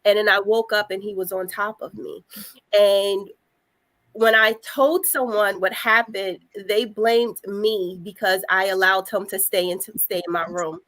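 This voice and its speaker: Hesitant young woman with many pauses. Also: medium pitch, steady tone, a bit bright. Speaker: panel guest sharing survivor story. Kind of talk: personal testimony on a panel.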